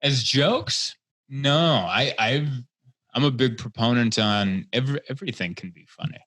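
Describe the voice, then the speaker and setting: A man's voice: mid-range voice, normal speed, no echo. Chatty comedian man, dry close sound. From Hungary. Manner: chatty storyteller, rambling with fillers, gets animated. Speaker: guest comedian. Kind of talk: casual podcast conversation.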